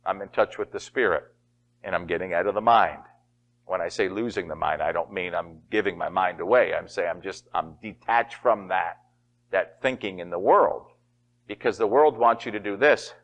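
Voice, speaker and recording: A middle-aged man preaching a sermon as pastor, folksy and animated, often laughing and acting out quotes. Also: on the low side, normal speed.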